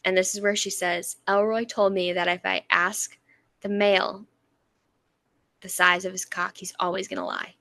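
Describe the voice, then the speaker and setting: A woman's voice: mid-range voice, little pitch movement, normal speed, sharp tone, no echo. A woman co-hosting a book podcast, casually retelling chapters and acting out the characters' lines with frequent laughter. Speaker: podcast co-host.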